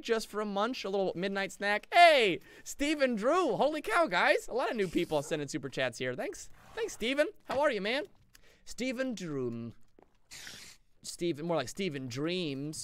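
A man's voice: fairly high pitch, clear, resonant tone. A young man giving playful, goofy live commentary while streaming a game and chatting with viewers. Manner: playful, goofy, jokes with chat; excitable, shifting energy. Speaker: gaming streamer.

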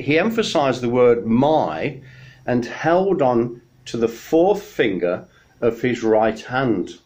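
A male minister delivers a midweek message at a slow, measured pace. His voice sits at an ordinary middle pitch, and he tells stories with gentle pauses between words. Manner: unhurried storytelling, gentle pauses.

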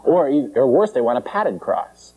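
A man preaching an informal sermon, animated and joking, jumping into high mocking voices and chuckling between points. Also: normal speed, dull audio, a crowd in the background.

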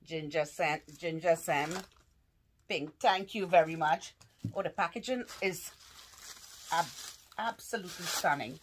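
A woman's voice: fairly low pitch, unhurried, pauses often, slight background noise. A woman vlogger opening fan mail and gifts, gushing and exclaiming with lots of laughter as she wrestles with the packaging. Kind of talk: casual unboxing vlog.

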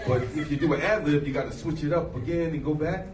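A man hosting a live interview in front of an audience, relaxed and encouraging, hyping up the crowd. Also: on the high side, fast, over music. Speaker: interviewer and event host. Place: event hall with an audience. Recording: echoey hall, distant mic, crowd and noise.

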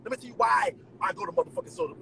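A man venting to his viewers in an animated, profane, emphatic rant. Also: rapid-fire, background noise. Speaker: vlogger. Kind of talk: ranting straight to camera.

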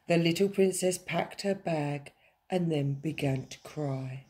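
A woman teacher reads a children's story aloud in a lowish, husky voice. Her delivery is slow and animated, full of expressive storytelling.

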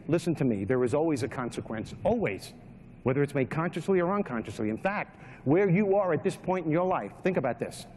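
A man's voice: fairly high pitch, darkish tone, a little hiss or hum. A man with a New York accent giving a motivational keynote, emphatic and repetitive, with punchy comic timing. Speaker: motivational speaker. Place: large hall. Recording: long hall reverb, faint ambience.

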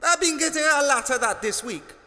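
A man's voice: extremely high pitch, lively intonation, brisk, sharp tone, long reverb tail, heavily acted. A man voicing a boastful, menacing male prison inmate who speaks broken English.

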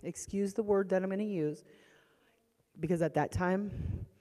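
A woman's voice: mid-range voice, a little slow, warm tone. Woman telling an emotional church testimony. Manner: emotional storytelling, reenacting past panic. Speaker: church speaker sharing a testimony. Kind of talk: personal testimony. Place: church hall. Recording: long church hall reverb.

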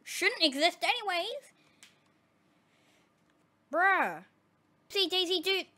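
A woman giving casual, excitable commentary over her gameplay, often exclaiming and laughing. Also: high-pitched, takes it slowly, long pauses. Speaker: gaming channel host.

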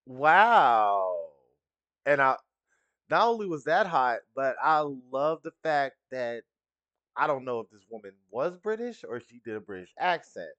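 A man's voice: medium pitch, sing-song, unhurried, a bit bright, dry recording, highs cut off. A young man hosting a casual reaction video, chatty and profane, laughing often.

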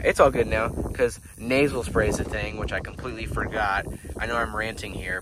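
Young male farm vlogger, slightly stuffy, easygoing and rambling; handheld outdoors with wind and water behind. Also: fairly low pitch. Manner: rambling, laid-back, many fillers. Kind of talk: casual vlog chat. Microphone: handheld camera. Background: running water and wind.

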